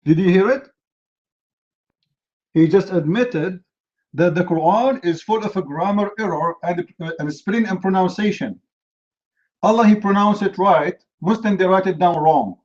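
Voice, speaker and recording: A man hosts a heated live online debate, his voice sitting a little high. He lectures and mocks his opponent combatively. The audio comes through dull and lo-fi. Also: normal speed, pauses often. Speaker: debate host.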